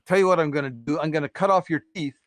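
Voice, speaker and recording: An indignant weasel scolds a thief in a smooth, clear voice, close and dry, with a man putting him on during a folktale. He sounds righteous and fed up, much like the teller's own voice. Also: a little high, fast talker, no echo, natural voice. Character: angry male weasel farmer.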